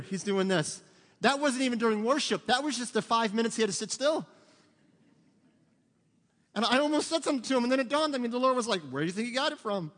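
A middle-aged male pastor with a drawl preaches in a conversational way, full of humor and asides. His voice is high for a man and a bit bright, and it echoes with a long reverb through the church sanctuary.

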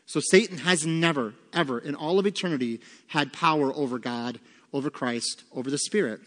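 Emphatic male pastor in a reverberant hall. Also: on the high side. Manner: emphatic, asks rhetorical questions and answers them. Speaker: pastor teaching a Bible study. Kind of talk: sermon-style Bible teaching with fill-in notes. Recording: long reverb of a large room.

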